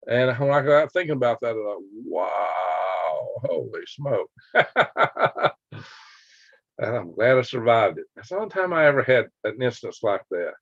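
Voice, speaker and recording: A man's voice: medium pitch, sing-song, moderate pace, fairly bright tone, dry recording. Older man telling a rambling story. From Alabama, US. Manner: rambling storyteller with sound effects and chuckles. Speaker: livestream host. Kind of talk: casual live-stream chat with viewers. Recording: dry, dull lo-fi home stream audio.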